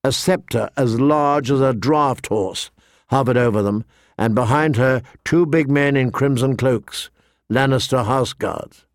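A man reading a fantasy novel aloud as narrator, steady and shifting pace with the action. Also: medium pitch, unhurried, dry recording, clean studio sound. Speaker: audiobook narrator. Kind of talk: scripted narration.

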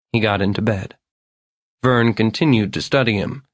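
Steady male audiobook narrator, dry. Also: on the low side, normal speed, no room sound.

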